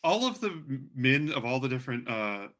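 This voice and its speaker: A man's voice: medium pitch, sing-song, moderate pace, fairly bright tone, faint music behind. A man narrating as game master of a tabletop role-playing game, in a loose, chatty way full of fillers.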